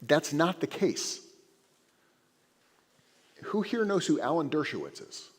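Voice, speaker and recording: A man giving a sermon as a rabbi, an animated, conversational storyteller speaking in a synagogue sanctuary. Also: fairly high pitch, takes it slowly, long pauses, breathy edge. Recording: echoey sanctuary.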